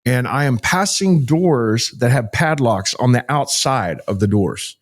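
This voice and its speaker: A middle-aged man recounting a story as a podcast guest, with a pitch that sits mid-range for a man. He tells it vividly and earnestly, acting out what each person said and repeating phrases for emphasis. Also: expressive, measured pace. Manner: vivid, acts out dialogue, repeats himself. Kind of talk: emotional storytelling in conversation.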